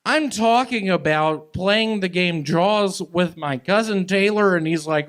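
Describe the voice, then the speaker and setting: A man's voice: high voice, a bit bright. A man doing rambling, absurd stand-up and banter on a comedy club stage with a handheld mic. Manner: drawling, rambling and absurd, slow and halting. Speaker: stand-up comic guest.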